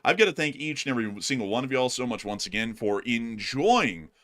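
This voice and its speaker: A man's voice: mid-range voice, animated, brisk, fairly bright tone. A man out of breath, hosting a live news stream from his home studio in a chatty, rambling way, calling his viewers folks. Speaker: news livestream host. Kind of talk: casual live news commentary.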